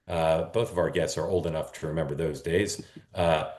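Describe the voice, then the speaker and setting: A man's voice: a bass voice, fairly even intonation, moderate pace, a little mellow, roomy sound, slight background noise. A man hosting a live political talk show, chatty and rambling, often correcting himself. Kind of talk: casual live-stream talk.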